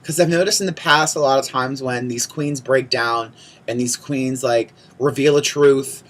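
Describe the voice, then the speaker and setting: A man's voice: medium pitch, steady tone, normal speed, fairly bright tone. Chatty young man giving opinions. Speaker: vlogger reviewing a TV show. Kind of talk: casual chat to camera.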